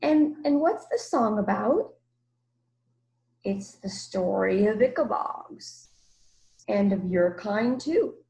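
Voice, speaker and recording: A woman reading aloud and voicing an enormous, gentle old monster that speaks slowly and solemnly, sometimes dropping to a hush. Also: mid-range voice, lively intonation, gravelly, rough recording. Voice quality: slow deliberate speech, hushed at times.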